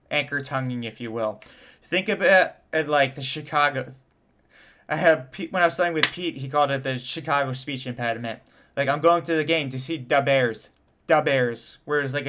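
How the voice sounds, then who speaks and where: In a medium-pitched voice that sounds pushed and bright, a man who teaches trumpet sits in front of a camera in his home studio. He reacts to an interview with casual explanations, demonstrating vowels and tonguing syllables.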